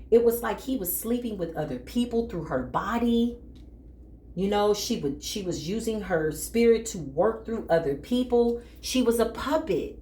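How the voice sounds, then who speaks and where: A woman's voice: mid-range voice, dark tone, roomy sound, a little hiss or hum. A woman giving a dramatic spiritual tarot reading, talking straight to her viewers in an emphatic, casual way. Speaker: tarot reader.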